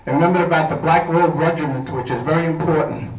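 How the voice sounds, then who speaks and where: This speaker at a political social talks fast in a steady, rather high voice, his Brooklyn accent clear. Breathless, he delivers a blunt, rambling speech to the crowd with lots of laughter, heard from far away in an echoey event hall.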